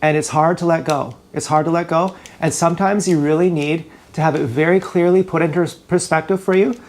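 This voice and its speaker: Fired up and upset, a YouTuber rants into a GoPro during an indoor livestream, rambling and swearing in an emotional vlog. The voice is mid-range and slightly mellow, with a steady tone and a fairly quick pace.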